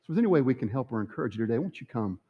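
A man's voice: medium pitch, sing-song, very fast, muffled recording, a little hiss or hum. A man preaching a sermon, earnest and pleading, building his points with rhythmic repetition. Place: church sanctuary. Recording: long reverb of a church hall.

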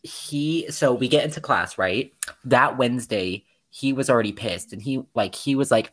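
A man's voice: mid-range voice, normal speed. A young man co-hosting a podcast, telling indignant stories in casual chat and quoting people sarcastically. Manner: animated, indignant, quotes people in sarcastic voices. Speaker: podcast co-host.

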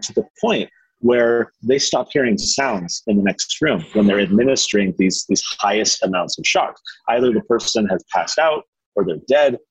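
A man in an interview, telling a story in a conversational, animated way and acting out the voices of the people in it. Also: mid-range voice, husky, no echo, poor audio. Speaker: guest, think tank president.

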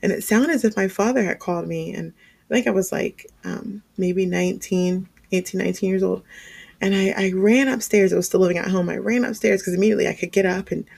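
A woman giving a sermon-style testimony, telling her story in a lively way with frequent laughs and fillers. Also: mid-range voice, fairly quick, creaky, slightly rough. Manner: animated storytelling, laughs often, many fillers. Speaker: speaker sharing testimony.

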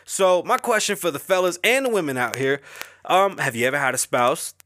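A man's voice: on the high side, lively intonation, fairly quick, a bit bright. A man with a Bronx New York accent hosting a podcast in a casual, rambling way, easily sidetracked, swearing and laughing as he goes, speaking close to the microphone. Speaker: podcast host. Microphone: close-up podcast mic.

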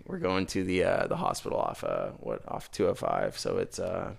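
A young man with a low, gravelly voice telling a rambling story in a casual chat over beers in a garage. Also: moderate pace. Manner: rambling, animated, gets loud when telling the punchline. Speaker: podcast host telling a story.

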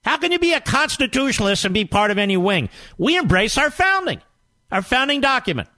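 A man's voice: extremely high pitch, very animated, fairly quick, pushed and bright, dry recording. A man hosting a political talk radio show, delivering a combative monologue full of emphatic rhetorical questions. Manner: emphatic, rallying.

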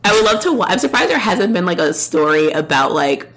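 A woman co-hosting a podcast, recapping a TV episode in casual chat, animated, laughing often and saying "like" a lot. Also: fairly low pitch, brisk. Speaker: podcast co-host.

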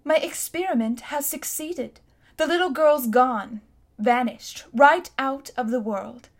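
A woman reading a storybook aloud, voicing a sly, self-satisfied elderly man with a slow, coaxing manner. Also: high-pitched, heavily acted. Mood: smug. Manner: smooth, slow and coaxing, with a hint of menace.

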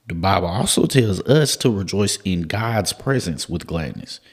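Man, very low voice, casual devotional preacher, repeats lines for emphasis, slangy. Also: husky. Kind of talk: informal Bible devotional talk.

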